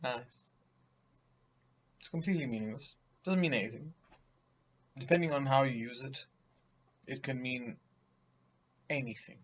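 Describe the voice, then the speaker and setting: Slow, emphatic male vocabulary teacher. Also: medium pitch, highs cut off. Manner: emphatic, theatrical, mocking quoted examples. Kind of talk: vocabulary lesson to camera.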